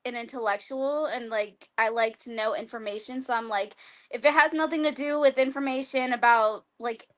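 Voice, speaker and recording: Chatty, fairly high-voiced young woman. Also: normal speed, fairly bright tone. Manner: chatty, lots of "like", laughs often. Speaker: guest wrestler. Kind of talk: casual interview chat.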